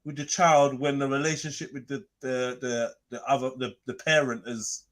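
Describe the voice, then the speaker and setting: A man's voice: mid-range voice, little pitch movement, moderate pace, crowd noise. Teasing man hosting a panel. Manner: teasing, banter with slang and laughter. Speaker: podcast host. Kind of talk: live panel chat.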